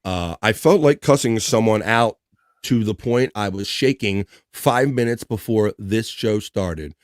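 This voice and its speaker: Hosting a casual livestream, this middle-aged man reads viewer comments in an upbeat, chatty manner, laughing frequently. He speaks on the low side, expressively and without hurry, in studio-quality audio with no room sound.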